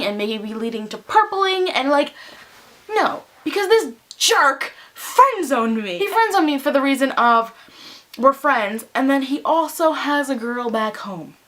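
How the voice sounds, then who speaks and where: A young woman vlogging casually, telling a story animatedly and acting out what people said. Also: high-pitched. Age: young adult. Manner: animated storytelling with quoted voices. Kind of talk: casual vlog rant.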